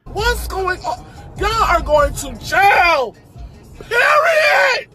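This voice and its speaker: Shrieking high woman, put on by a man, slow drawn-out yelling. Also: sing-song, loud music behind the voice, full character voice. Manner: shrill, shouting.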